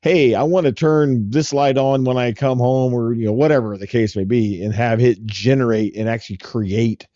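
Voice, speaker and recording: A man co-hosting a tech podcast in casual, relaxed chat, rambling with fillers. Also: mid-range voice, normal speed, few pauses, dry recording, highs cut off. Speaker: podcast co-host.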